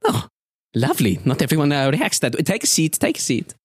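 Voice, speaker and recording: A man's voice: a little high, wildly swooping pitch, fairly quick, husky, dry recording, clean studio sound, heavily acted. A man playing a chatty dragonborn barber woman. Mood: breezy. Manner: rambling, bluntly cheerful.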